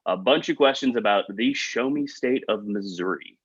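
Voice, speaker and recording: A man hosting a trivia game over a video call, reading questions with quick joking asides. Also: fairly low pitch, slightly rough, dry recording. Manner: upbeat, quick asides, chuckles at own jokes. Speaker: trivia quiz host. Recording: dull, lo-fi video call audio.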